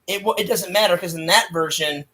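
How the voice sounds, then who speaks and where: A man co-hosting a casual film review chat, excitable and loud, acting out lines as he retells scenes, on a home mic in a small room. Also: high voice, fairly quick. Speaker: co-host reviewing films.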